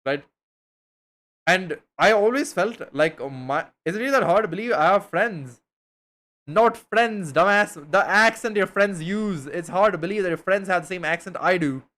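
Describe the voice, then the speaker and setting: A man's voice: high voice, lively intonation, moderate pace, a bit bright. A young man from India, chatting casually with his stream viewers in a slangy, rambling way, swearing now and then.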